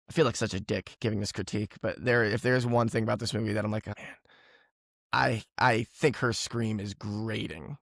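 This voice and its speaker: A man with a gravelly, mid-pitched voice talks casually with friends about a movie. He rambles, restarts and laughs often. The sound is close and dry, with no room around it. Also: no room sound. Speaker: podcast co-host. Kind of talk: casual movie-review chat.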